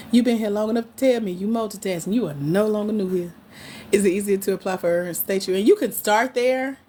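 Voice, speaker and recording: A woman hosting a casual livestream, she teases and scolds her viewers in a playful way. Her pitch swings widely as she talks, and she speaks. Faint noise sits under the voice. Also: darkish tone. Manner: playful, teasing, talks back to chat comments. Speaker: grant coach hosting a livestream.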